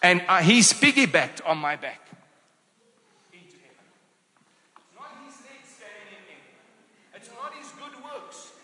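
A man with a South African accent preaching a sermon to his congregation, energetic and full of rhetorical questions. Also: high voice, a little slow, pauses often, in a large hall. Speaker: pastor. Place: church hall.

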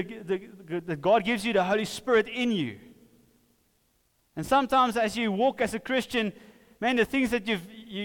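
A man's voice: high voice, smooth, in a large hall. A man preaching a sermon in a casual, conversational way, often acting out what people said.

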